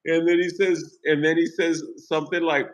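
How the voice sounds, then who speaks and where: A man's voice: a little high, little pitch movement, normal speed, highs cut off. A man hosting a podcast, chatting casually about a movie in a rambling, profane way. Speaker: podcast host.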